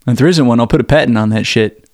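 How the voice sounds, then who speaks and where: A man's voice: medium pitch, racing, no echo, studio quality. A man co-hosting a casual podcast, joking and sarcastic, swearing and laughing often. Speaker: podcast co-host. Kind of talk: casual podcast chat about a horror film.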